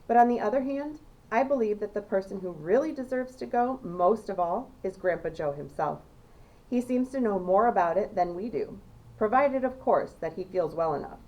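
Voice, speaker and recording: A woman reading aloud, voicing a gentle, humble father who speaks softly and reasonably. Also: medium pitch, lively intonation, normal speed, close to an everyday voice, low-quality recording. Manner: soft and reasonable.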